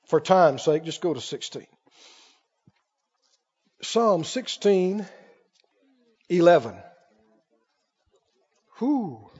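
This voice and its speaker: A man preaching a sermon to a congregation, animated, laughing often and asking them questions. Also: high voice, slightly rough, highs cut off.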